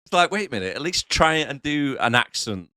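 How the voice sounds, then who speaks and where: Lively, bright-voiced man. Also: mid-range voice, brisk, smooth, dry recording, studio quality. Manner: laughs often, chatty and playful. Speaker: podcast co-host. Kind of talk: casual movie review banter.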